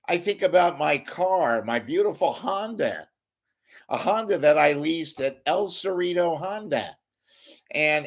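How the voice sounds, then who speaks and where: A man's voice: sits high, fairly bright tone, exaggerated voice. A man impersonating a goofy, overeager male radio host gushing through sponsor reads. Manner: gushing, overexcited ad-read delivery.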